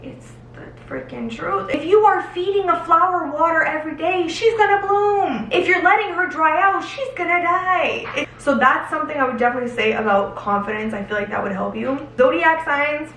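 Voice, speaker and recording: Talking to camera, a young woman who vlogs about lifestyle responds to viewer questions, candid and emotional, drawing out words to stress them. Her voice is high-pitched and a bit bright, at normal speed with few pauses. Slight background noise and a roomy echo suggest she's a bit far from the mic.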